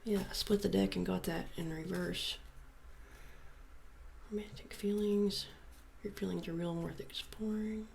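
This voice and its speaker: Woman, tarot reader, gravelly voice, casual musing delivery. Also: mid-range voice, steady tone, a little slow, long pauses, a little mellow, a little hiss or hum. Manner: reads card messages aloud, muses and jokes between them.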